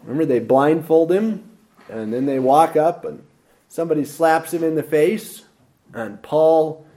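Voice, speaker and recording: A man preaching a lively expository sermon with dramatic emphasis. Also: fairly high pitch, unhurried.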